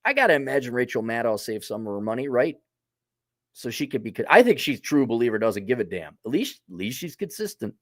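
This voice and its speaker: A man's voice: medium pitch, animated, fairly quick, no echo, studio quality. A man hosting a casual opinion monologue, talking in a blunt, sardonic, profane way. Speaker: host.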